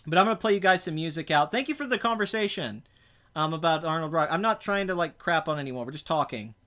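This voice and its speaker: A young man with a notably high voice hosts a casual podcast. He rambles in an animated way, talks straight to his viewers and teases the people around him. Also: quick pace. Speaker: podcast host. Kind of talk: casual livestream podcast chat.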